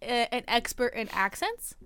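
A woman's voice: fairly high pitch, sing-song, moderate pace, a bit bright, smooth, no echo. A woman co-hosting a podcast in casual chat, playful and giggly, swearing freely. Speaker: podcast co-host.

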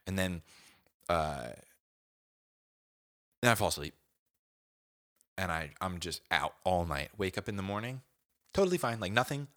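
Animated man telling a comic story. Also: on the low side. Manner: animated, acts out groans and quoted lines, says dude a lot.

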